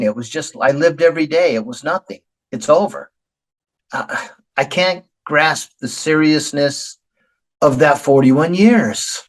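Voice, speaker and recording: Older male host, profane and open-hearted, voice sits a bit high. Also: low-quality recording. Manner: blunt, profane, emotionally open. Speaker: podcast host. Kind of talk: candid podcast conversation.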